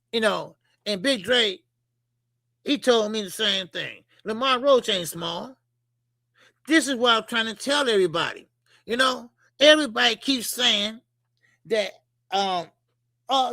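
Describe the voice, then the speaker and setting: Brief: man, boxing show host, high gravelly voice, profane animated rant. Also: dry recording, clean studio sound. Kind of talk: casual boxing commentary.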